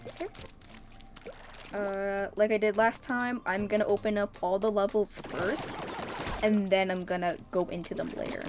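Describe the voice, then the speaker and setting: A woman's voice: medium pitch, fairly even intonation, moderate pace, background noise. A woman streamer giving casual, upbeat gameplay commentary, chatty and full of ums.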